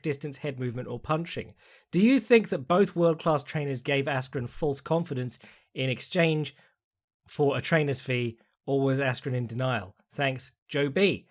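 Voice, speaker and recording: A man hosting a solo podcast, reading out listener questions and answering in a rambling, chatty way with quick asides. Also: on the high side. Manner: mimics people in quoted voices. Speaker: podcast host.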